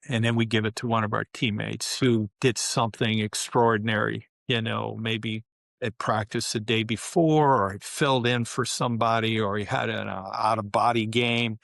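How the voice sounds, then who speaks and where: A man in his seventies, a former pro basketball player, telling stories as an interview guest in an animated way, often saying "you know" and "man". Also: on the low side, normal speed, creaky, no room sound, studio quality. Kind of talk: interview storytelling.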